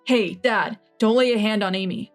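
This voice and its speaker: A woman voicing a young husband who calmly and firmly defends his wife against his parents. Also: sits high, moderate pace, soft background music. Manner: firm, steady. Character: calm protective young husband.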